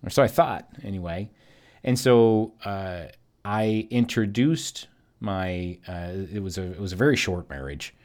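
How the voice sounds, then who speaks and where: A man's voice: fairly low pitch, lively intonation, a little slow, a little mellow. A man hosting a solo podcast, telling a personal story in a reflective, hesitant way with many fillers. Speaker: podcast host.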